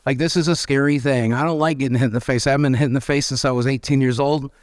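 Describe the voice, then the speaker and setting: A man's voice: medium pitch, very fast, dry recording, clean studio sound. A man with an American accent, an interview guest telling candid stories and acting out the voices of people in them. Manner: animated, acts out quoted voices, frank and self-deprecating. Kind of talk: candid conversational storytelling.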